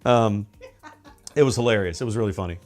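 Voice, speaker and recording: A man's voice: fairly low pitch, fairly quick. A man chatting casually on a stream as he paints miniatures, rambling with many fillers and restarts.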